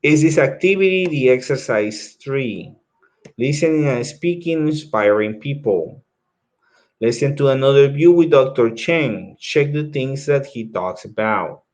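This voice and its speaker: A man teaches English at an unhurried pace, his medium-pitched voice expressive with a darkish tone. He patiently breaks tasks into steps, says things more than once, and keeps checking in with "okay?".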